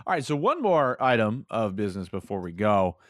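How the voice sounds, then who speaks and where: A young man leads a casual sports podcast segment in an easygoing way, laughing between his points. His voice runs fairly low. The recording is dry and close-miked. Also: very animated, brisk, a bit bright, dry recording. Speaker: podcast co-host.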